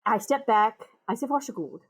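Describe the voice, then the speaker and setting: Woman, Minnesota accent, podcast guest, lively storyteller, mid-pitched voice. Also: moderate pace. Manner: animated, acts out voices in her anecdotes. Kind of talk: casual storytelling conversation.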